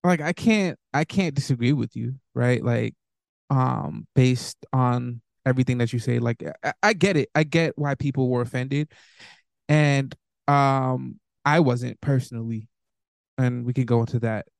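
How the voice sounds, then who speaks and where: A man's voice: medium pitch, a little slow, vocal fry, dry recording, studio quality. A man co-hosting a podcast in casual chat, easygoing and hesitant, with lots of fillers. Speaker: podcast co-host.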